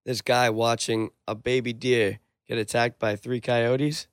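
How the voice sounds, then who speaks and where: A young man in casual chat, excitable and swearing heavily. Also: mid-range voice, measured pace, clean tone, no room sound, studio quality.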